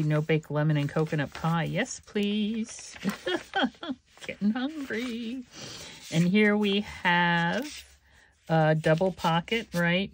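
A woman with a low, gravelly voice talks unhurriedly through her handmade journals. She rambles in a chatty way, stopping for small laughs and fillers. A faint hiss sits under the recording. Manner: chatty, meandering, with soft laughs and many fillers. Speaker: crafting channel host. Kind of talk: casual craft flip-through.

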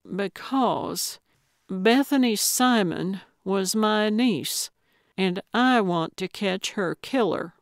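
A woman narrator voicing a blunt, coaxing elderly woman amateur detective in an audiobook, speaking louder and more briskly than her narration. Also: mid-range voice, lively intonation, dry recording, studio quality.

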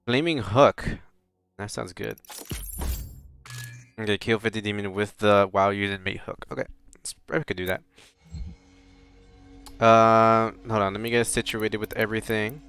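Gamer guy talking through his run, rambly, lowish voice, faint music behind. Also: unhurried, long pauses, smooth. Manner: rambling, swears, loud excited outbursts. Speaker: let's play host. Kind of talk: casual gameplay commentary.

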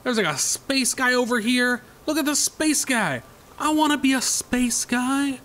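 A man giving excitable, sarcastic commentary while playing a golf video game, swinging between high yelps and low mutters. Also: a little slow. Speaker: gaming YouTuber. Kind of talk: gameplay commentary.

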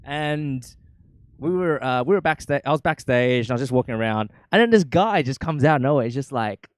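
A man's voice: medium pitch, fairly quick, no echo. A young man who DJs and streams, chatting casually between mixes, telling a rambling story with lots of swearing. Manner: excitable, profane, rambling storyteller. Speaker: DJ and live streamer. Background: faint dance music.

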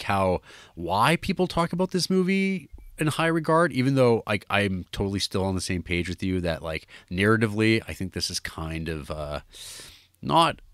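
Guy with a really low voice rambling thru a movie review, lots of likes and uhs, dry close sound. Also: a bit bright, dry recording. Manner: rambling, many fillers and restarts. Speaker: podcast co-host. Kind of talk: casual film review chat.

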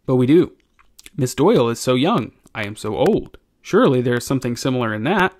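Guy doing an old sailor, soft and coaxing, kinda ominous, dry close sound. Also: big pitch swings, fairly quick, no room sound, lightly acted. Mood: gentle, coaxing. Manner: soft-spoken, grows to low hushed urging. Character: old male ship's cook, gentle and ominous. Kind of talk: audiobook character reading.

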